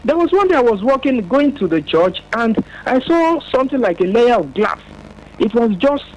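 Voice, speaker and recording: A man's voice: extremely high pitch, very animated, normal speed, darkish tone, poor audio. A man from Nigeria calling in to a radio talk show, talking at length with restarts and fillers. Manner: talkative, with restarts. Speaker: caller. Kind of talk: phone-in call.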